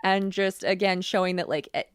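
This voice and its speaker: A woman's voice: medium pitch, steady tone, normal speed, clear, resonant tone, dry recording, clean studio sound. A woman co-hosting a film podcast, talking in an enthusiastic casual chat full of fillers. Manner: enthusiastic, lots of "like". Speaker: podcast co-host.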